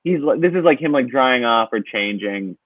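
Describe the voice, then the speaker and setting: A man anxiously rambles through his worry, his pitch jumping around as he talks. He sounds tinny and phone-like over a dry video-call line. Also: animated, moderate pace, no echo. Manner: anxious, rambling, lots of fillers. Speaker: guest asking for advice. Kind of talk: casual comedic advice chat.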